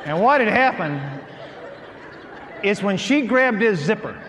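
A middle-aged man preaching a humorous sermon, acting out his stories in an animated, folksy way. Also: sits high, unhurried, a faint crowd, slight background noise. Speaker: pastor. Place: large hall with audience. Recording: hall reverb with faint ambience.

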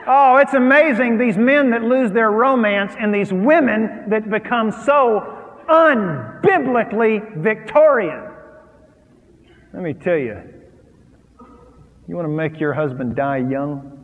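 Man, middle-aged pastor, joking animated sermon, dramatic pauses, slightly high voice, big reverberant hall.

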